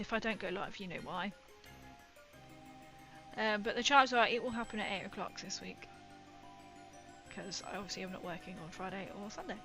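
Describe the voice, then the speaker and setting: Speaking in a pushed, bright voice on the high side, this English livestream host chats casually with her viewers. She tends to ramble and laughs frequently.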